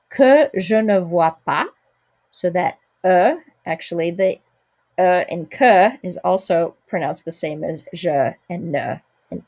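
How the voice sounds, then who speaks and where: A middle-aged woman with a fairly low, darkish voice gives a spoken lesson in English on French pronunciation. She explains patiently and slows down to model each French word clearly.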